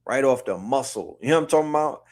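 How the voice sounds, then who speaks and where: A man's voice: medium pitch, lively intonation, fast, darkish tone. A man co-hosting a streamed talk show, chatting casually with slang and jokes. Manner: laid-back, joking, slangy. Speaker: podcast co-host. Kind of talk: casual chat.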